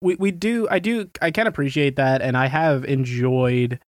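A man's voice: mid-range voice, normal speed, no room sound, clean studio sound. A man co-hosting a podcast in easygoing, rambling, profane casual chat. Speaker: podcast co-host.

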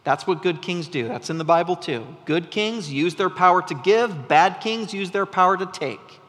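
A man preaching a sermon as a pastor, an animated storyteller whose voice rises when he gets excited. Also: sits high, moderate pace. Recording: long reverb from a large hall.

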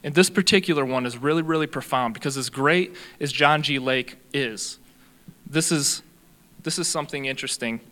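A man's voice: medium pitch, normal speed, pushed and bright. A young man preaching a sermon in an earnest way, teaching on faith and healing. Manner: earnest, reads a long testimony aloud.

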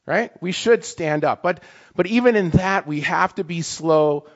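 A man preaching a sermon, lively and confessional, often tagging his points with a quick "right?". His voice sits a bit high. The recording is dull and lo-fi. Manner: animated, confessional, many "right?" tags.

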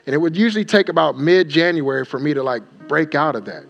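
A man's voice: fairly high pitch, quick pace, vocal fry, muffled recording, soft background music. A male pastor preaching a sermon, emphatic and repeating his phrases for effect. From Wisconsin.

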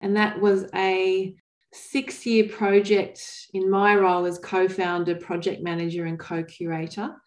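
A woman, telling stories in an interview in an earnest, thoughtful way, with pauses and restarts. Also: medium pitch, flat delivery, roomy sound. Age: 40s. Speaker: guest. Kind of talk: reflective interview storytelling.

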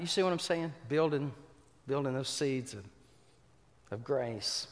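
A man's voice: fairly high pitch, lively intonation, moderate pace. A man preaching a sermon, telling a story with repeated words and questions to the congregation. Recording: reverberant hall.

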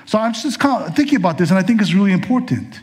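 A man's voice: sits high, expressive, quick pace. A male pastor delivering a sermon in a conversational way, with casual asides.

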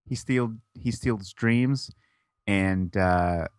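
A man's voice: fairly low pitch, extremely slow, clean tone, no echo, studio quality. A man co-hosting a podcast in casual banter, stubborn and teasing, laughing often. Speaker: podcast co-host.

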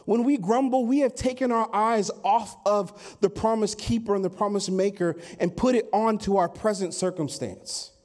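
A man preaching a Sunday sermon, acting out complaining voices and rising to loud, emphatic peaks. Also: sits high, moderate pace, hardly any pauses. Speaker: pastor.

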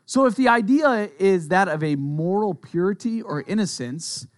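An earnest male pastor in his thirties or forties delivers a sermon, talking conversationally and slipping into personal asides. His voice sits a little higher than most men's. The sound is close and dry, with no room echo. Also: animated, normal speed.

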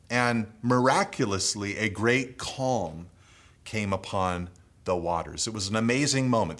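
Earnest man preaching a sermon. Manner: earnest preaching, swinging between raised emphatic phrases and low hushed endings.

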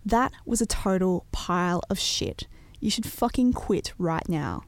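A woman's voice: lowish voice, expressive, measured pace, no echo. A woman voicing a drunk, hostile young man who snarls and barks taunts. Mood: aggressive. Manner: barking, belligerent taunts.

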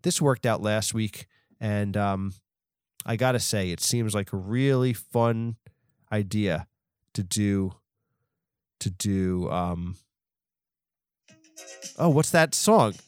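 A man hosting a comedy podcast, rambling through absurd asides in a deadpan manner. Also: lowish voice, takes it slowly, pauses often, smooth, dry recording, studio quality, soft background music. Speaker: podcast host.

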